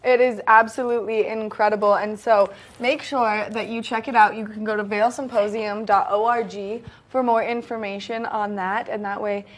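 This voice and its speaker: A woman co-hosts a local morning show in a bright, eager voice. She rattles through lists of events with steady enthusiasm, speaking in a natural, mid-range voice. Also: medium pitch, normal speed, hardly any pauses. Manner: enthusiastic, breathless rush through listings. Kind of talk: upbeat local TV chat.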